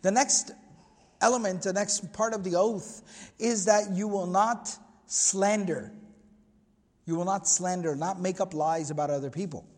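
A man's voice: sits high, a little slow, darkish tone, long reverb tail. A man giving an earnest religious history lecture, explaining at length and quoting Arabic passages. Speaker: Islamic lecturer.

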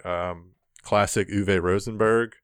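Young male podcast host, very low smooth voice, dry close mic, laid-back board game news. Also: slow, dry recording. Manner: relaxed, rambling, many ums. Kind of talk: casual podcast chat.

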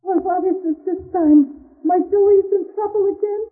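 A woman's voice: very high-pitched, moderate pace, phone-quality sound. A tearful old immigrant mother. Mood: fretful. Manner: pleading, sobbing broken English. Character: tearful immigrant mother, older woman, doting and fretful. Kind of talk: 1930s radio drama acting. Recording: scratchy 1930s radio transcription.

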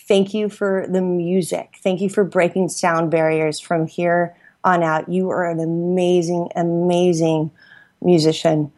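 A woman with a slightly low voice hosts her podcast. She rattles off heartfelt thanks, restarting sentences and laughing often in a casual, effusive way. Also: a little mellow. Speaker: podcast host. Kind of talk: casual gratitude shout-outs. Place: Los Angeles.

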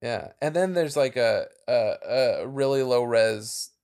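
A man's voice: mid-range voice, unhurried, darkish tone, clear, resonant tone. A man co-hosting a podcast in casual chat, laughing often and trailing off into fillers. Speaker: podcast co-host.

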